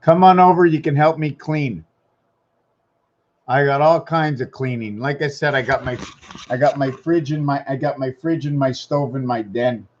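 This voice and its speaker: A man's voice: medium pitch, fairly even intonation, normal speed, a little hiss or hum. Rambling man on a dull lo-fi vlog. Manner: rambling, wandering, thinks aloud with restarts. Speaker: vlogger. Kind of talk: rambling casual vlog monologue. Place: home.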